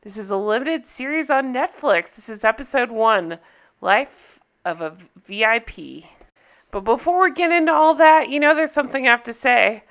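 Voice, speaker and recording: Bright, chatty woman vlogger. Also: a little high, animated, normal speed. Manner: chatty, giggly, keeps slipping into joke voices. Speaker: TV recap vlogger. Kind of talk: casual recap vlog.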